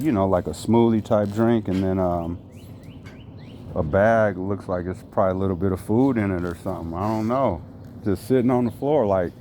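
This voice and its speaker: A man with a very low voice hosts a casual podcast. He rambles in a relaxed way and swears offhandedly. Clear background noise runs under his voice. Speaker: podcast host. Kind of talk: casual solo podcast chat. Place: apartment building lobby, walking a dog. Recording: noisy background.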